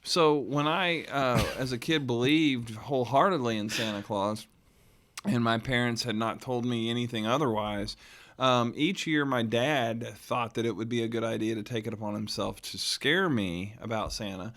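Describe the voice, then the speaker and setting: A male podcast co-host from Florida spins a long family anecdote in an easygoing, rambling way. He laughs often and slips into little impressions of his relatives, with a voice pitched right in the middle. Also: normal speed, fairly bright tone. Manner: rambling, laughing storyteller who acts out family members. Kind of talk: casual chat, personal storytelling.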